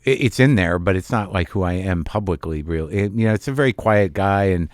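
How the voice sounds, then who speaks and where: Low-ish guy, dry close mic, rambly self-deprecating talk, keeps restarting. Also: animated, no echo. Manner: halting, self-deprecating, many restarts and "you know"s. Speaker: guest comedian and actor. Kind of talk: casual interview chat.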